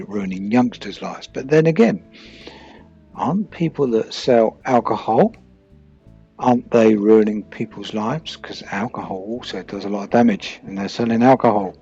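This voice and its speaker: A man's voice: lowish voice, mellow, slightly rough, muffled recording. A man doing a casual true crime commentary, rambling and firing questions at people who are not there. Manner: rambling, asks questions aloud to absent people.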